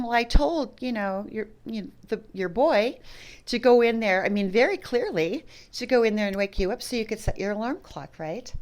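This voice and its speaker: A middle-aged woman being interviewed, recalling a personal story in a halting way, with frequent restarts and fillers. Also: on the high side. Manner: halting, full of restarts and "you know". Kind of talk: personal recollection.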